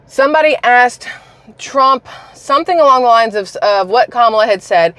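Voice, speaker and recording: A woman's voice: on the high side, moderate pace, dry recording. A woman from South Carolina with a mild Southern accent, giving sarcastic, rambling political commentary as the host of her own vlog. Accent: mild Southern American. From South Carolina, raised in Georgia. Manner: sarcastic, animated, rambling with asides. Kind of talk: casual ranting commentary.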